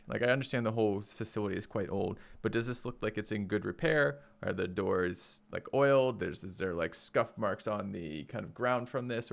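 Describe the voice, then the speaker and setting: A man's voice: on the low side, vocal fry, a bit bright. A man playing in a tabletop game, joking and rambling in casual chat. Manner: joking, rambling with many fillers. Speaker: player.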